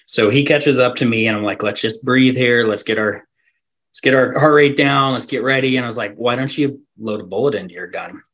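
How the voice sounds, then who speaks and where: A man's voice: mid-range voice, brisk, a bit bright. Man rambling through a hunting story. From Alaska. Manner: rambling, laughing, many fillers and restarts. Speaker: hunting guide and podcast guest. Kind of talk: casual storytelling.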